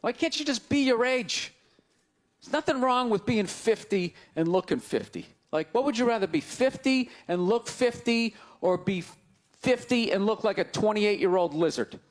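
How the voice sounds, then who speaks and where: A man with a Boston accent doing a stand-up set on stage, ranting in loud, exasperated bursts that break into shouts. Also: high-pitched, expressive, moderate pace. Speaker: stand-up comedian. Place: live comedy stage before an audience. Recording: live crowd laughter, faint background noise. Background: audience laughter.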